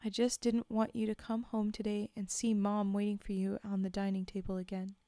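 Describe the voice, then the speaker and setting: A woman's voice: mid-range voice, little pitch movement, a little fast, dark tone, no echo, studio quality, lightly acted. A woman voicing a distraught teenage girl who pleads with her father while holding back tears, read aloud from a horror story. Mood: pleading, tearful.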